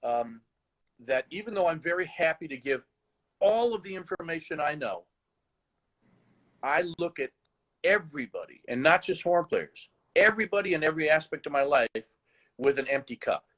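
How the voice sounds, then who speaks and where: Animated, fairly high-voiced man telling stories. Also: normal speed, long pauses, rough recording. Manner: animated, with frequent restarts. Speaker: horn teacher and performer. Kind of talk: conversational storytelling.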